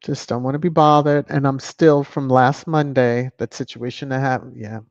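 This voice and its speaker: A woman's voice: rumbling low, fairly even intonation, moderate pace, a little mellow, dry recording. A woman from the United States hosting a casual livestream, chatty and opinionated as she reads out viewer comments. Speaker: livestream host. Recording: dull lo-fi home stream audio.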